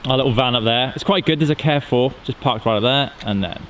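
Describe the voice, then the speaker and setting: A man's voice: mid-range voice, fast talker, fairly bright tone. A British man talking casually in a travel vlog, jokey and rambling with restarts, recorded outdoors and in a van in the mountains. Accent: British English. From United Kingdom. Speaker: vlogger. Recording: noisy outdoor camera audio.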